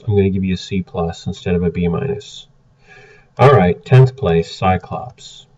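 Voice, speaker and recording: A man's voice: low voice, normal speed, darkish tone. A man giving blunt, exasperated casual commentary as he reviews card game decks. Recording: muffled, distant from the mic.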